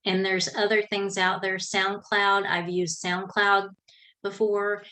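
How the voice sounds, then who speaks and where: A woman's voice: mid-range voice, level tone, slow, pushed and bright, low-quality recording. A middle-aged woman from South Georgia with a Southern drawl, giving casual, folksy podcasting tips from her home office. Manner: chatty, self-correcting, folksy. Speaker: podcasting coach. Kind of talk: casual how-to talk. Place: home office with a fan running.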